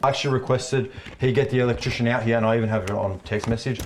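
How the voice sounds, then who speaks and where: Aussie tradie complaining about the builder, noisy background. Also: male voice, medium pitch, steady tone, fast talker. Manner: aggrieved, explaining with restarts.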